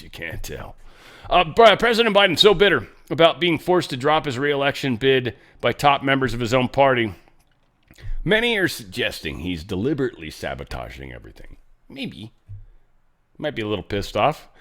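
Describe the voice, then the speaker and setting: A man's voice: on the high side, a bit bright. A man hosting a casual political commentary show, rambling and restarting his thoughts with irreverent, jokey asides. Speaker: show host.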